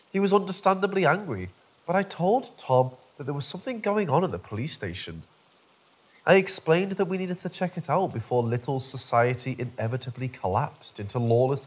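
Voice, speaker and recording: Guy reading a creepy story out loud, husky voice, goes up and down a lot, kinda dry and wry about it. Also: mid-range voice. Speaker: horror story narrator. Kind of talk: scripted first-person horror narration.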